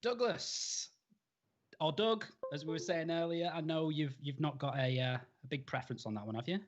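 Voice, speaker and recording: An upbeat man hosting a live-stream interview, casual and loose with plenty of ums. His voice sits a little on the high side. The sound is slightly dull, like compressed streaming audio. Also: normal speed. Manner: upbeat, casual, many um fillers. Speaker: show host. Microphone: video call.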